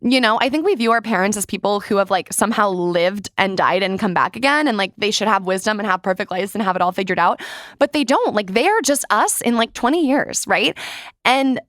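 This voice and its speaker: A woman's voice: mid-range voice, lively intonation, a little fast, a bit bright, no room sound, clean studio sound. A young woman hosting her podcast, talking in a candid, chatty way with lots of "like" and some casual swearing. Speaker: podcast host. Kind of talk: casual solo monologue.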